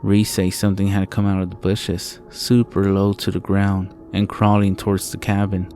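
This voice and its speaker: A man narrating a first-person horror story in a low, steady storytelling manner, swearing often. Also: moderate pace, a little hiss or hum.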